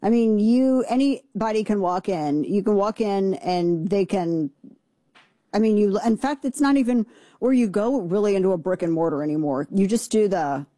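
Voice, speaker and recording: A woman hosting a casual political commentary show, talking fast and mocking her targets with sarcasm. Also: mid-range voice, animated, mellow, dry recording, clean studio sound. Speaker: show host.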